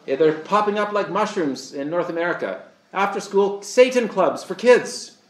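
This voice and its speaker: A man's voice: high voice, lively intonation, normal speed. Earnest preacher man, echoey room. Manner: earnest, asks the audience rhetorical questions. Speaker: pastor. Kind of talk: sermon.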